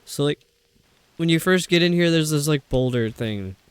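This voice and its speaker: A man's voice: fairly high pitch, lively intonation, normal speed, smooth, no room sound. A young man giving live commentary while playing a video game, rambling, stumbling over his words and laughing often. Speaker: streamer.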